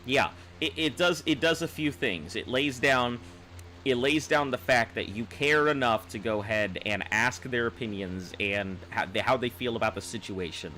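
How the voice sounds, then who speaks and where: During a casual live stream of a game, a man gives advice and reads out viewer comments, often rambling and starting his phrases over. He speaks at normal speed in a mid-range voice that sounds pushed and bright.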